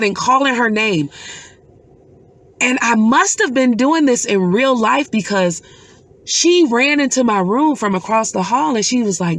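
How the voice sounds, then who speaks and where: Middle-aged woman, mother, personal vlog storytelling; unhurried, earnest delivery with pauses. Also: on the high side, animated. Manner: slow, earnest and emotional, with pauses. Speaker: mother recounting a dream.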